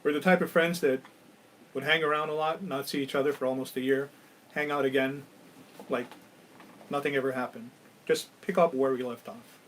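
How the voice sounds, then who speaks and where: A man from Hawaii hosting a live ghost-story show, telling tales dramatically and dropping to a hush at key moments. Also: mid-range voice, fairly even intonation, moderate pace, long pauses, a little hiss or hum, low-quality recording. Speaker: storyteller and host.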